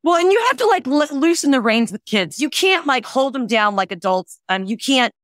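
A middle-aged woman with a high voice, a fitness and nutrition guest on a podcast. She tells her stories with energy and acts out every quoted line. The sound is dry and close. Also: normal speed, dry recording. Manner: animated storyteller who acts out quoted dialogue. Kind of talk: casual podcast chat.

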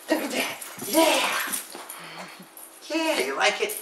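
A middle-aged vlogger at home, narrating a casual video slowly and calling to a dog in a high sing-song coaxing voice. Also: big pitch swings, noisy background. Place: indoors at home. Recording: roomy, distant home camera audio.

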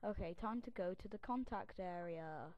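A woman's voice: on the low side, normal speed, darkish tone, dry recording, poor audio. A young woman giving a casual tour of her website while screen recording, in a theatrical, self-mocking way with grumbling asides.

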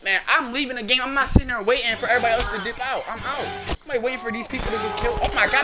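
Excitable dude yelling over his game, high voice jumping all over, music playing clearly underneath. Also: fairly quick. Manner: excitable, exclaiming and reacting loudly; casual slangy talk. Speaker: gaming channel host. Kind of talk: live gameplay commentary.

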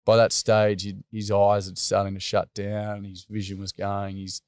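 A man's voice: on the low side, monotone, normal speed, a little mellow, clean tone, no echo, clean studio sound. A middle-aged Australian man telling a personal story earnestly, with many fillers. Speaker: interview guest.

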